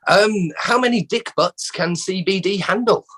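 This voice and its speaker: A man's voice: high-pitched, normal speed, fairly bright tone, rough recording. A man with an English accent hosting a podcast quiz in casual chat, chatty and prone to stammering restarts. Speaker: quiz host.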